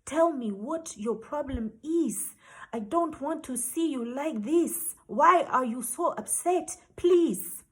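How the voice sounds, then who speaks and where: A woman voicing a kind, caring woman immigration official who speaks softly and soothingly. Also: medium pitch, a little slow, lightly acted. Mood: soothing, hushed. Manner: soft, soothing, hushed.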